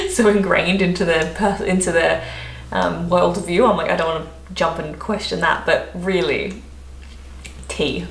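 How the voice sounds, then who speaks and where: A young Australian woman chatting casually to camera in her vlog. She talks in a chatty, animated way and laughs often. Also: mid-range voice. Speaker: vlogger. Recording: echoey room, faint background noise.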